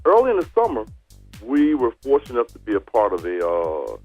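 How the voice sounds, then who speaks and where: A man from Detroit, a band leader, talking in a relaxed, joking way as a phone-in radio guest. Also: mid-range voice, fairly quick, lo-fi sound, faint music behind.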